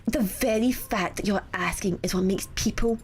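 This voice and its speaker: A woman voicing a sharp-tongued female defense lawyer, explaining in a brisk, blunt way. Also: mid-range voice, a little hiss or hum, voice pushed down, natural voice.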